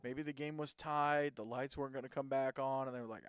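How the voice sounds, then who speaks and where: A man's voice: medium pitch, steady tone, a little fast, clear, resonant tone, dry recording, studio quality. A man hosting a casual sports talk show, rambling through game recaps and reading off stats. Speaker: host.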